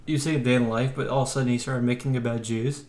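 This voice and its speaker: A man co-hosting a comedy podcast, talking in a halting, deadpan way. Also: medium pitch. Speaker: podcast co-host. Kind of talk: casual chat. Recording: echoey room with faint noise.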